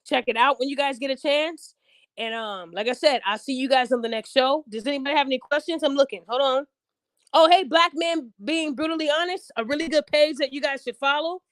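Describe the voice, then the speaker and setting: Blunt, high-voiced woman podcast host. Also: fairly quick, no echo. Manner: blunt, outspoken, acts out quotes in raised voices. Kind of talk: casual chat.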